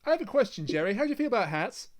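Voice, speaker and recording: High-voiced guy cracking dry jokes on a podcast, relaxed chat. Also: rapid-fire. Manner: dry, wisecracking. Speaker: podcast co-host. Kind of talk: casual review chat.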